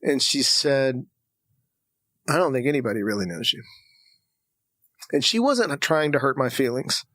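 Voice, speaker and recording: A man's voice: mid-range voice, a little slow, long pauses, dry recording, studio quality. A man from Texas, a podcast guest, telling a personal story and acting out the voices of the people in it. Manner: animated storyteller who acts out dialogue.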